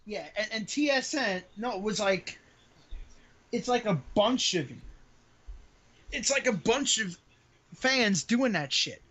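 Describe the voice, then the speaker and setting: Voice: mid-range voice, expressive, slow, long pauses, sharp tone. A podcast co-host in casual live-stream chat, ranting with exasperation and plenty of swearing. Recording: dull lo-fi audio.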